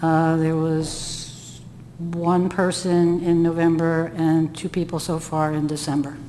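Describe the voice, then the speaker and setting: A woman giving a volunteer update at a town committee meeting, halting with many pauses. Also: low voice, completely flat delivery, dark tone. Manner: halting, many ums, slow and hesitant. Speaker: trail adopter volunteer coordinator. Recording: distant room mic, echoey hall, faint noise.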